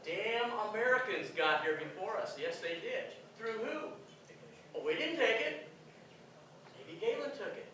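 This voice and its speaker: A man's voice: high voice, lively intonation, measured pace, pushed and bright, slight background noise. A man giving an emphatic conference lecture, firing rhetorical questions at the audience. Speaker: conference speaker. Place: conference hall. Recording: echoey hall, distant mic.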